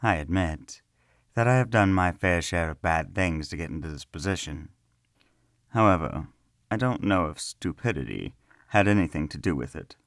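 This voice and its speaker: A gentle, unhurried young captive, bound in arcane stone, speaks in a quiet, low, pleasant tone, voiced by a male storyteller. He sounds serene and a little cryptic. The recording is dry and close. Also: lively intonation, no room sound. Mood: calm. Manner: soft, pleasant and reassuring. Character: young man trapped in a floor, calm, smiling, cryptic. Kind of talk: storybook character reading.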